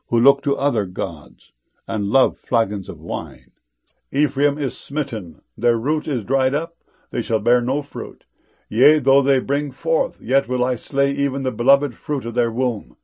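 A man giving a solemn, measured scripture reading in archaic wording. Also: fairly low pitch, darkish tone, husky.

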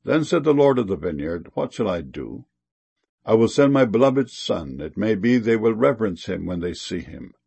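A man giving a solemn, measured scripture reading in archaic wording. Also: lowish voice, very animated, creaky, darkish tone, slightly rough.

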